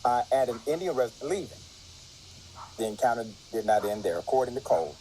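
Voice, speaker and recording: A man reads a news article aloud and stops to explain the law along the way. He marks each quotation carefully by saying quote and end quote. His voice is dark and mellow, and it sits at an average pitch for a man. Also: animated, a little fast, slight background noise, rough recording. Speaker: legal commentary narrator.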